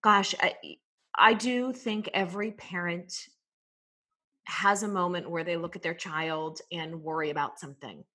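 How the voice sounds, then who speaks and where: A woman's voice: lowish voice, steady tone, measured pace, bright, forceful tone. A woman podcast host who consoles and reassures her guest. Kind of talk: supportive conversation.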